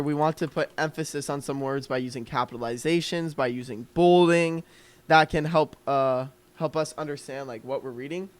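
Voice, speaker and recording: Young male coach, slightly higher voice, relaxed filler-laden delivery on a live call. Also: normal speed. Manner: loose and conversational, filler-heavy, thinking aloud. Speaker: copywriting coach.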